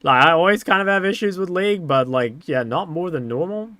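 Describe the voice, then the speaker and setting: A young man streaming and talking loosely with his chat, laid-back and unscripted. His voice sits a bit high for a man and swings widely up and down. The sound is close and completely dry. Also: expressive, brisk, pushed and bright, dry recording. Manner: laid-back, chatty, reads and answers chat. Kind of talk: casual live-stream chat.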